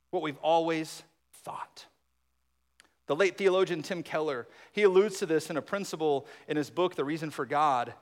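Male pastor, high voice, emphatic sermon delivery, echoing sanctuary. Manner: emphatic, drops to a hush on key points.

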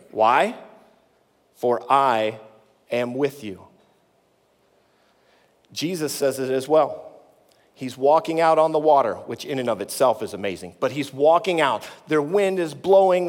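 A man preaching in a fairly high voice, talking to the congregation like a conversation. He sinks low and soft for the comforting lines. The sound carries a long reverb from a large hall. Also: measured pace. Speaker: pastor. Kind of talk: sermon.

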